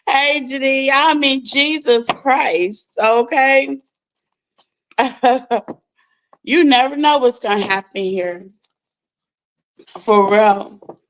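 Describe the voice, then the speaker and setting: A young woman, hosting a tarot channel in casual chat, laughing often and talking in animated slang. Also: a little high, poor audio. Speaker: tarot reader, channel host.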